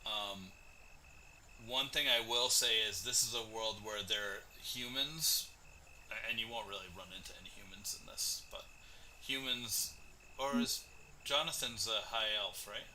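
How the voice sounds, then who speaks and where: A man's voice: on the low side, a little slow, pushed and bright, slight background noise, poor audio. A man as game master, chatting casually and rambling with many fillers while setting up a tabletop game.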